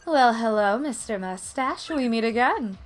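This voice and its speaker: A woman's voice: on the high side, lively intonation, measured pace, pitched above the performer's own voice. A woman voicing a sly, flirty female mouse thief with a coy, theatrical manner. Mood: flirtatious.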